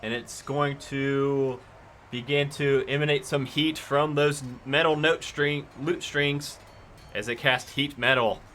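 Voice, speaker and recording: Bright-voiced male co-commentator. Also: on the high side, fairly even intonation, takes it slowly, a little hiss or hum. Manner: reads spell rules aloud, hesitant. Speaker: arena co-commentator. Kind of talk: mock sports commentary for a tabletop game.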